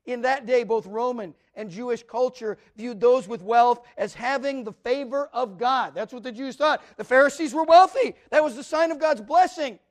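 High-voiced preacher. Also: male voice, moderate pace, few pauses. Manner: emphatic, repetitive preaching cadence, swinging from loud to quiet. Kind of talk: sermon.

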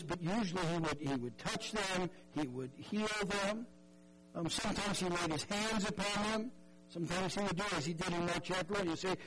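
Earnest guy preaching, repeats himself, talks it through like a chat, music loud behind him. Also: high voice, low-quality recording. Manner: earnest, conversational, repeats words, acts out voices. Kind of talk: sermon.

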